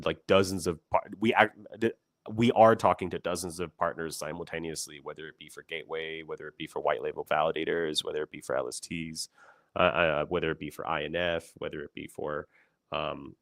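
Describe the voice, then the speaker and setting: A young man with a very low voice talks loosely to his livestream audience. He rambles, restarts sentences and fills gaps with ums and little laughs. The sound is close and dry, with no room around it. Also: no echo. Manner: rambling, many fillers and restarts, laughs often. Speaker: company founder hosting a livestream. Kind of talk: casual livestream talk.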